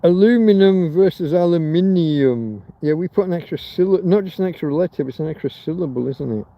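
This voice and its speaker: A man's voice: a little high, animated, fairly quick, dry recording, lo-fi sound. A man from Britain hosting a rambling livestream chat, crude and joking, swearing freely. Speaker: livestream host. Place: outdoors in a field in Spain.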